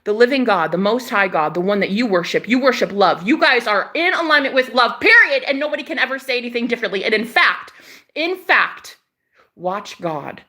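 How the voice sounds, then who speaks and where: A woman delivers an impassioned spiritual pep talk, swearing freely and hammering phrases again and again. Her voice sits a little high and rings bright and sharp, with sudden loud bursts that drop into hushed prayer. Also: lively intonation, a little fast. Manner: emphatic and profane, repeating phrases for emphasis; swings between loud outbursts and soft murmured prayers. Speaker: spiritual channeler.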